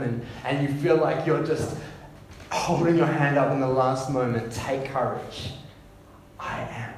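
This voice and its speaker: A man preaching a sermon, often repeating words as he goes and dropping to soft, hushed tones. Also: a little high, slight background noise. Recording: echoey room with faint ambience.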